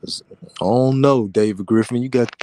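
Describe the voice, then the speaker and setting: A man with a fairly low voice chats casually about basketball in a laid-back, slangy way, calling everyone bro. The sound is dry and close, with no room around it. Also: slow, warm tone, no room sound.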